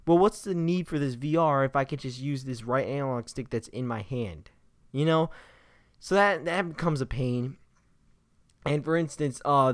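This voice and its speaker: A young man giving casual, excited impressions of games he played, rambling with fillers and restarts. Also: on the high side, dry recording, studio quality. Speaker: gaming vlogger.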